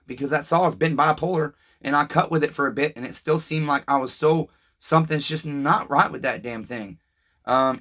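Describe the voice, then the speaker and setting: A man's voice: a little high, a bit bright. A man in pain, talking in a casual, confessional vlog, frustrated, profane and rambling. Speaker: vlogger.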